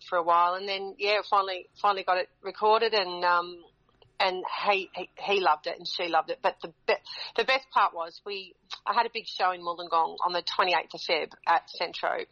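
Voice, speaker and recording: A woman's voice: lowish voice, brisk. A woman, a singer-songwriter guest on a radio interview, telling a story with lots of laughter and acted-out voices. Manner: animated, laughing, acting out quoted voices. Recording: dull lo-fi sound.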